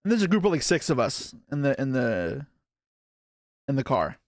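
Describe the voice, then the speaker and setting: A man's voice: mid-range voice, big pitch swings, moderate pace, no room sound, studio quality. A young man from Canada chatting casually on a live stream, rambling and self-deprecating as he reacts to chat.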